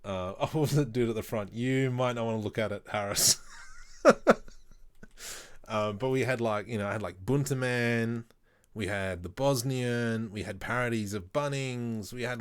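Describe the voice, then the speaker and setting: Man in his thirties, slightly low voice, chatty livestream host who mutters to himself mid-task. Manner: rambling, chats to himself while working. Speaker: 3D artist streaming. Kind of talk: casual livestream commentary.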